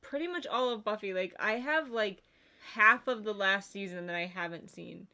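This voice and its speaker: With a medium-pitched, sharp-toned voice at a moderate pace, a livestream co-host chats casually. She's rambling and filler-heavy, leaning on "like" a lot while reading comments from the chat aloud.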